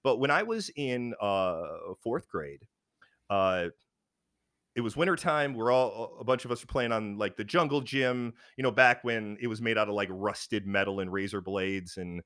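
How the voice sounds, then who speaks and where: Brief: low-voiced man, frank rambling storyteller, dry close sound, lots of ums. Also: normal speed, a bit bright, no room sound. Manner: rambling, frank, many fillers and restarts. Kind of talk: casual chat, personal storytelling.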